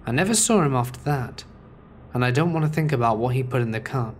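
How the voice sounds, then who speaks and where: A man's voice: mid-range voice, slight background noise. Man narrating scary stories. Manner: measured, steady first-person storytelling. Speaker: horror story narrator.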